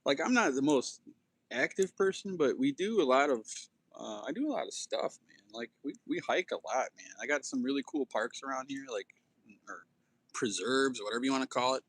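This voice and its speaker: A man's voice: medium pitch, expressive, brisk, a bit bright, dry recording. A man hosting a casual livestream, rambling in a laid-back way and saying "dude" and "man" a lot. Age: adult with children. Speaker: slingshot livestream host.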